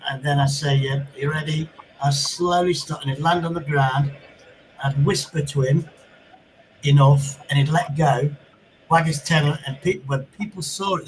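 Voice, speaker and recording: Middle-aged man, rambling sweary storyteller, a little high in pitch, faint noise behind. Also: rough recording. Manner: swearing anecdotes with sound effects. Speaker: livestream host. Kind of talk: casual chat.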